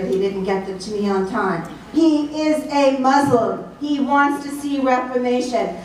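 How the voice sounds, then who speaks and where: A woman's voice: sits high, recorded from a distance, a little hiss or hum. Southern woman giving an emphatic speech in an echoey hall. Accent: Southern American. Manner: emphatic, list-like delivery. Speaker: speaker at a political event. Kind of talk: political speech.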